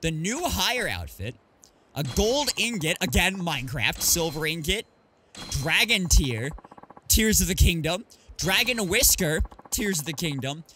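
Lively, bright-voiced man streaming a game. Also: on the high side, unhurried, a little hiss or hum. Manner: chatty, reads item names aloud, jokes at the game. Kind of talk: casual gameplay commentary.

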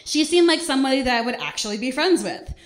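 A woman's voice: high voice, very animated, quick pace. A woman in her thirties from Ohio, telling wry stories with punchy lines in a stand-up set at a small arts centre. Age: 30s. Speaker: stand-up comedian.

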